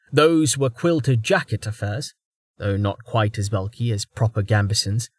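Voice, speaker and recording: Brief: male fantasy audiobook narrator, mid-pitch, dry close mic. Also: dry recording.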